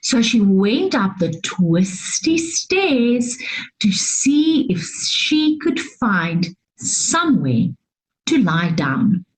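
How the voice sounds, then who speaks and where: A woman reading a children's story aloud, expressive and drawn out, with gasps and sighs. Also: on the high side, low-quality recording. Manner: slow and animated, with gasps and sighs.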